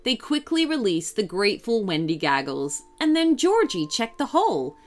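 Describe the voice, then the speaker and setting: A woman storyteller giving a scripted narration of a children's story in a lively, expressive way. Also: medium pitch, normal speed.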